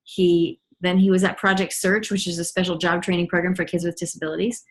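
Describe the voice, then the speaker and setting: A woman's voice: on the low side, little pitch movement, fairly quick, a little hiss or hum. A middle-aged woman gives a personal testimony as a mother, talking in a chatty, earnest way with frequent ums and restarts. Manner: earnest and enthusiastic.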